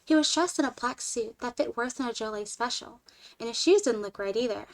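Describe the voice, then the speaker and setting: A woman streamer reading a short story aloud in an expressive way, moving between lively and hushed delivery. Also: on the high side, brisk.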